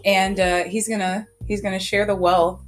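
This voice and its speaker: A woman's voice: mid-range voice, little pitch movement, moderate pace. A young adult woman hosting a podcast in casual, playful chat, laughing often. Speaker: podcast host.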